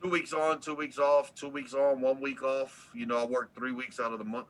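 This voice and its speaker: A man's voice: mid-range voice, moderate pace, poor audio. A man who supervises on an oil rig, talking bluntly and with plenty of swearing in a casual livestream chat. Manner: blunt, profane, animated storyteller.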